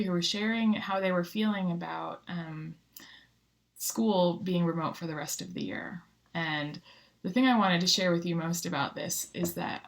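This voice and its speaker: A woman pastor giving a casual, conversational check-in to her congregation, with frequent pauses and filler words. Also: fairly low pitch. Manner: warm conversational, frequent ums and rights.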